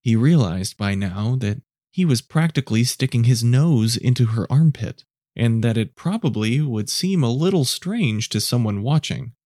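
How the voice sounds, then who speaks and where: A man narrates a scripted story in a measured, low-key way, though his intonation stays lively. His voice is warm, mellow and mid-pitched, recorded dry and close with no echo.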